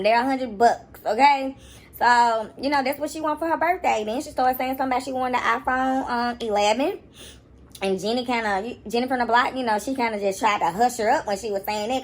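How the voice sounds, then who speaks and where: A young woman, giving sassy, animated reaction commentary. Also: fairly high pitch, a little fast. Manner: sassy, animated, mocking voices at times. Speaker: commentary YouTuber.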